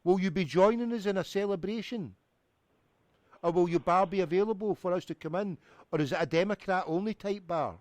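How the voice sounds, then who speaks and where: Rambling prank caller, high voice. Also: male voice, brisk, no echo. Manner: rambling, mock-pompous, deadpan absurd. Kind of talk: prank phone call.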